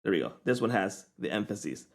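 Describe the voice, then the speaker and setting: Chatty man walking through software. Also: fairly low pitch, very animated, fast, vocal fry. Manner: casual, chatty, keeps checking in with "okay?". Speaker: software reviewer. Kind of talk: screen-recorded software tutorial.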